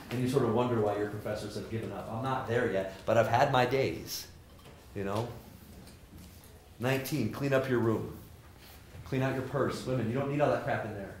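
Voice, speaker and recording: A middle-aged man giving an energetic, joking lecture to students, acting out the people in his stories. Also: mid-range voice. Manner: animated, joking, acts out quoted people. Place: lecture hall with audience. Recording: roomy hall sound, faint noise.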